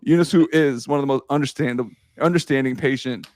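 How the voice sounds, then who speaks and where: A young man hosting a casual sports podcast, excitable and quick to swear and laugh. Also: medium pitch, dry recording. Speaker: podcast host.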